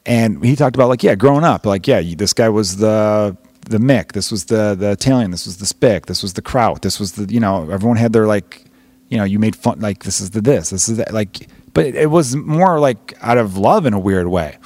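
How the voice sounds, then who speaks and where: A man's voice: on the low side, normal speed, darkish tone, no room sound. A man hosting a podcast, rambling through a casual comedic monologue with plenty of swearing. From Chicago. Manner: rambling, profane, jokey. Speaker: podcast host.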